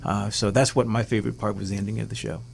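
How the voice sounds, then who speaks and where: A man whose voice is hoarse from losing it, talking excitedly as a guest on a talk show and rambling through many fillers. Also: on the low side, quick pace, a little hiss or hum. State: hoarse, lost his voice. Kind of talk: casual chat.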